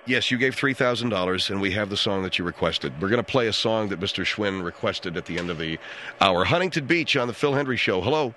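A man hosting a radio call-in show, quick, theatrical and amused, on a studio microphone. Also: fairly low pitch, animated, bright, forceful tone, slight background noise. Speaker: radio talk show host.

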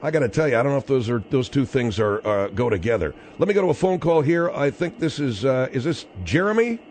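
Brisk radio talk show host. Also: male voice, medium pitch, expressive, a little mellow, slight background noise. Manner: brisk, interjecting, moves the show along.

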